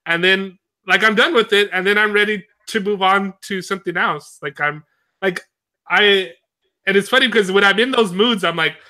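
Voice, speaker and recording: A man's voice: high voice, moderate pace, pushed and bright. A young man in casual conversation, talking loosely with lots of fillers and frequent laughter. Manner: rambling, filler-heavy, laughs often. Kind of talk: casual chat.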